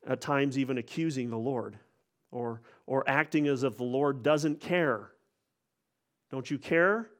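A man's voice: mid-range voice, fairly even intonation, unhurried. A man preaching a sermon in an earnest way, often restarting and repeating words as he goes.

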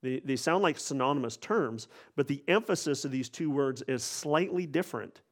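A man's voice: mid-range voice, animated, moderate pace. Earnest man preaching a sermon. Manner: earnest, with frequent restarts and repeated words.

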